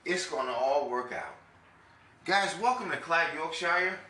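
A man's voice: fairly high pitch, lively intonation, a little slow, bright, forceful tone, reverberant. Brash, rambling New York man. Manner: brash, rambling and profane, with frequent laughs. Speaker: podcast host. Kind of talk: casual podcast monologue.

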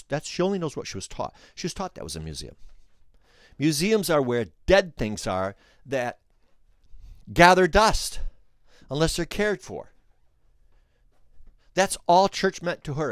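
A man hosting a podcast, telling a story in an animated way, restarting phrases and speaking straight to the listeners. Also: a little high, no room sound, studio quality. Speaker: podcast host. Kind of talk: storytelling commentary.

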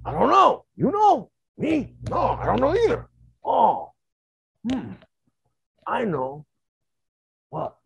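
Man doing a bewildered caveman ape, high and loud, grunting broken words, gravelly edge. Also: huge pitch swings, no echo, heavily acted. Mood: puzzled. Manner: halting caveman grunts and short questions. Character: primitive ape man, male, confused, grunting broken speech.

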